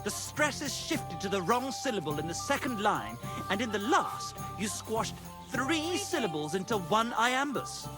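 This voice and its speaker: An actor playing a pompous, lovesick young poet in a video game, speaking theatrically and pedantically. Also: male voice, high-pitched, very animated, measured pace, over music. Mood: haughty.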